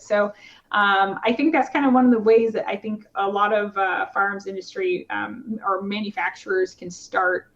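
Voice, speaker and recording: Woman guest, mid-pitched, rambling conversational delivery, lo-fi podcast sound. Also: fairly even intonation, normal speed, a bit bright. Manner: chatty, many fillers and restarts. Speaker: podcast guest, competitive shooter. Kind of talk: casual conversational interview. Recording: slightly dull lo-fi podcast audio.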